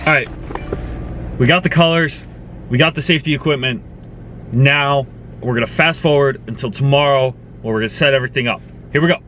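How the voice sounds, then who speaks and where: A man's voice: medium pitch, fairly quick, long pauses, fairly bright tone, slight background noise. Casual young man vlogging a project. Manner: chatty, thinks aloud while choosing. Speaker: tennis vlogger. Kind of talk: casual vlog narration.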